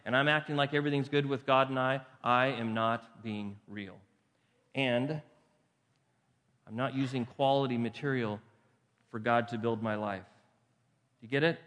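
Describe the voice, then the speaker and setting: A man's voice: medium pitch, a bit bright. A pastor preaching a conversational sermon. He poses rhetorical questions to the congregation and repeats phrases for emphasis. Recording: long hall reverb.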